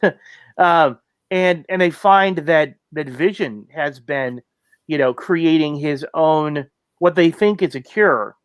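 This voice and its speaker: A man with a slightly high voice co-hosting a podcast, recapping a show in a loose, conversational way. The sound is close and dry, with no room around it, and he keeps checking in with a quick "right?". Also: clean tone, no echo. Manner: recaps plot casually, many fillers and tag questions. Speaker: podcast co-host. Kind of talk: casual chat.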